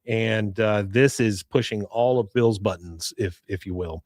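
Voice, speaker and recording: A man's voice: lowish voice, a little slow, darkish tone, no echo, studio quality. A man hosting a podcast, casually retelling a cartoon episode scene by scene, acting out quotes and chuckling often. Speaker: podcast host.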